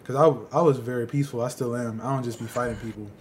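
A man's voice: mid-range voice, steady tone, racing, a loud crowd. A young man co-hosting a casual podcast, talking in a laid-back way. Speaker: podcast co-host. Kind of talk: casual chat.

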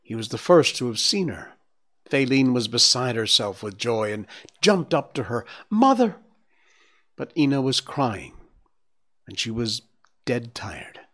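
A man with an everyday mid-range voice reads a storybook aloud on his live stream. His narration is gentle and measured. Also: medium pitch, animated. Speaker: livestream host reading a book aloud.

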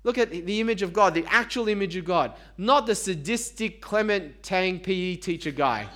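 A man with a high, bright voice preaches conversationally at a moderate pace, his tone forceful. He asks the congregation rhetorical questions and jokes at his own expense.

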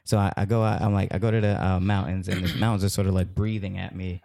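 A man telling a long, rambling story as a podcast guest, animated and full of fillers. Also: low voice, quick pace, creaky, dry recording, studio quality. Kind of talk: casual storytelling.

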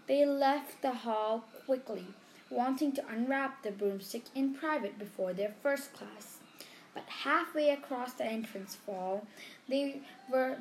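A woman reading a storybook aloud, unhurried, with small slips. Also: a little high, slight background noise. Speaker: reader.

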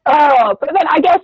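A young adult woman, a former homeschooler, chatting casually as an interview guest with quick asides. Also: high-pitched, a little mellow, no room sound. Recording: tinny phone-like line.

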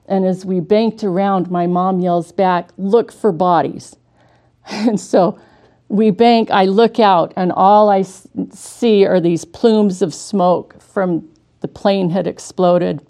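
Earnest woman with a low, mellow voice. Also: creaky. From Washington state, USA. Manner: earnest and conversational, with small restarts. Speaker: speaker giving a devotional talk. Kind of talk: heartfelt devotional storytelling.

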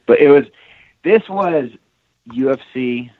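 A man's voice: mid-range voice, lively intonation, slow pace, dry recording, narrow, tinny audio. A man co-hosting a casual podcast chat, rambling with lots of fillers. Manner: rambling, many fillers and restarts. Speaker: podcast co-host.

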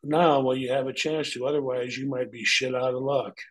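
A man's voice: medium pitch, a little fast, poor audio. A man in his fifties, a retired pro wrestler, telling blunt, profanity-laced stories in a candid interview. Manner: profane, blunt, animated when quoting others.

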